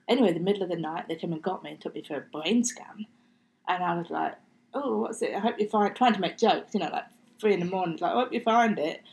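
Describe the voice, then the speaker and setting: Poor audio captures a middle-aged woman whose fairly low, slightly mellow voice carries vocal fry. A podcast guest, she tells her story in a chatty interview manner, acting out people's words and at times lowering to a near-whisper.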